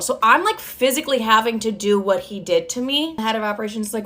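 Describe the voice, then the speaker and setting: A woman with a slightly high voice tells a personal story in a loose, chatty way. She is blunt and emphatic and swears freely as she pushes her points. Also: animated, quick pace, few pauses, fairly bright tone. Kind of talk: casual storytime narration.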